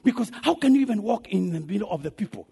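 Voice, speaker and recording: A man preaching a sermon, swinging dramatically from hushed lines to shouts. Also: sits high, big pitch swings, fast talker, gravelly, breathy edge. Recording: long hall reverb.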